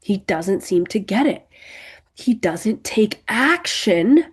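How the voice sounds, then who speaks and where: A middle-aged woman, a marriage coach, talking straight to her listener. She leans hard on key words, slows down to stress them and keeps checking in with "okay". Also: medium pitch, darkish tone, slightly rough. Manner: emphatic, repeats "okay" and "do you see it", slows to stress words. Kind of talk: direct-to-camera coaching talk.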